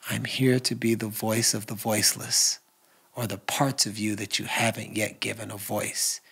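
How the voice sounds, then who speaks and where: Casting: husky man, guest on a podcast, earnest, from hushed whispers to loud bursts. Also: fairly low pitch, flat delivery, moderate pace. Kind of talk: emotional personal storytelling.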